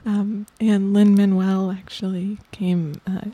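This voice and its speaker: Woman as a tired stage guardian, slow and halting, mellow, dry close sound. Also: mid-range voice, little pitch movement, dry recording. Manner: halting and hesitant, full of ums, drops to a whisper. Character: weary stage guardian of a child performer, woman. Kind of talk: improvised comedy interview character.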